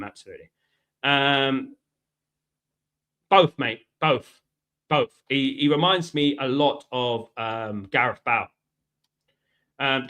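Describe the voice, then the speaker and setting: A man's voice: mid-range voice, sharp tone. A middle-aged man from England hosting a live football stream, answering viewers in a combative, chatty way and peppering his talk with 'mate' and 'right'. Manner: combative, talks straight to chat, repeats 'mate' and 'right'. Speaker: football channel host.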